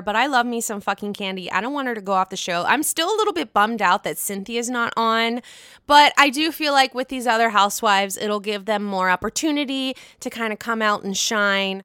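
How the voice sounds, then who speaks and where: A young woman hosting a casual gossip podcast, excitable, gushing and swearing freely. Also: fairly high pitch, moderate pace, smooth, no room sound, studio quality. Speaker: podcast host.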